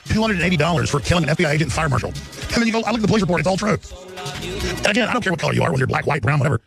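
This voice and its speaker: Gravelly, fast-ranting male talk host. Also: medium pitch, no room sound. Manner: ranting, emphatic, rambling. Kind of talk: unscripted live monologue.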